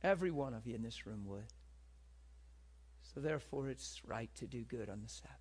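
A man's voice: mid-range voice, expressive, a little fast, a little mellow, slightly rough. A man preaching a sermon to a live audience, telling stories and asking the room questions. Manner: storytelling, asks the room questions.

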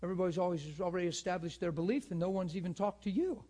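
Husky preacher man, fairly high voice, goes loud then quiet. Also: steady tone, very fast, few pauses. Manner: emphatic, swings between yelling and hushed. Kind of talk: sermon.

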